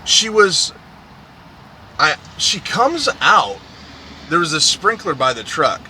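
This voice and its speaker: Trucker guy venting, swears a lot and repeats himself, voice kinda high and jumps all over, bit of street noise behind. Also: very animated, takes it slowly, bright, forceful tone. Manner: profane, repetitive and aggrieved. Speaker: truck driver. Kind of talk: ranting monologue.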